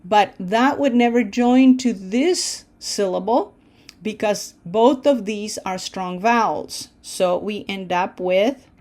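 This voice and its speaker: Casting: female language teacher, unhurried delivery, patient, keeps checking in with the class. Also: medium pitch, darkish tone. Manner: patient, explains step by step, frequent "okay?" check-ins. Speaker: Spanish teacher. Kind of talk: online language lesson.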